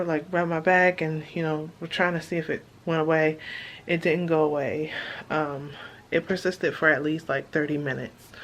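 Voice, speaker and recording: Out of breath, a vlogger chats casually through an update, using lots of filler words in her low-pitched voice. The setting shifts from a car to a hospital room, and there's a little hiss or hum on the recording.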